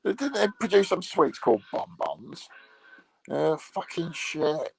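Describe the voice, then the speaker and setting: A man playing a crude male troll, delivering a rambling, swear-filled comedy monologue in a gravelly, husky voice. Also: fairly high pitch, very animated, slow, full character voice, poor audio.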